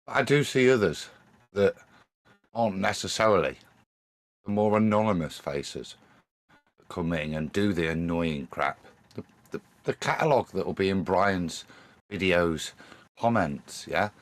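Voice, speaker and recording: Male panelist, low voice, hesitant and measured in casual talk. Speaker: podcast panelist. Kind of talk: casual live-stream discussion.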